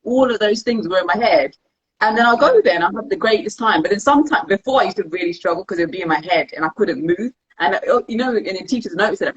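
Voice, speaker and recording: A young dance practitioner, appearing as a guest in a casual interview, speaks fast at a medium pitch. She is candid and animated, acting out her thoughts as quotes, and the sound quality is dull and lo-fi.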